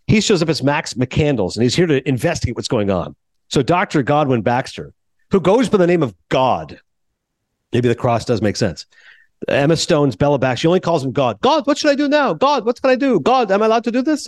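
A man hosting a podcast in casual chat, animated and talkative, jumping from thought to thought. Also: medium pitch, no room sound. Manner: animated, chatty, jumps between thoughts. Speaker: podcast host.

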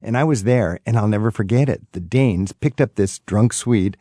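A man's voice: on the low side, moderate pace, dry recording, studio quality. A man hosting a travel talk show and questioning his guests in a chatty way. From United States. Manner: chatty, leading questions with lively asides. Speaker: host.

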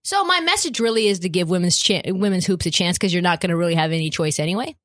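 A woman's voice: lowish voice, expressive, fast talker, fairly bright tone. A woman hosting a sports podcast, ranting with profanity and rhetorical questions. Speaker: podcast host. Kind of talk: opinionated sports talk.

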